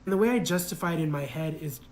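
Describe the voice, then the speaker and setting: A man's voice: a little high, fast talker, darkish tone, slight background noise, poor audio. A man casually telling a personal story in a reflective, hesitant way, full of fillers.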